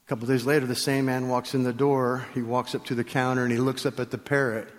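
A man's voice: medium pitch, level tone, fast talker, long reverb tail. A male pastor giving a sermon in a conversational, joking way, speaking directly to the congregation.

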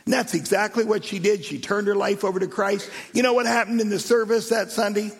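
A man preaching a sermon and telling stories in an animated way, with shouted emphasis. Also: sits high, fairly quick, vocal fry, husky. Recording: echoey hall reverb.

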